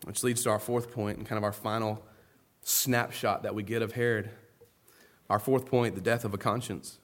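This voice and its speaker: A man preaching an earnest sermon, moving between soft, low asides and loud, emphatic stresses. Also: steady tone, moderate pace. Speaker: pastor.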